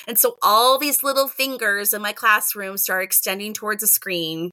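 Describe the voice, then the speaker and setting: At normal speed and with hardly any pauses, a middle-aged kindergarten teacher talks casually in an interview in a mid-range voice. She animatedly acts out quoted exchanges loaded with "like" and "right?", and there's no echo.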